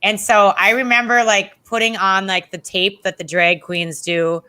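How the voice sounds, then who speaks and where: A woman in her forties, a guest on a chat show, telling stories in a casual, animated way and acting out the people she quotes. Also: mid-range voice, normal speed. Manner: animated, acts out quotes with shifting voices. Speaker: podcast guest, former wrestling interviewer.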